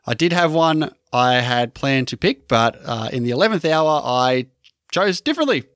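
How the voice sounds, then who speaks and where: A man's voice: mid-range voice, very animated, moderate pace, a bit bright, no room sound, studio quality. A man co-hosting a film podcast in easygoing casual chat, often laughing while he talks. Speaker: podcast co-host.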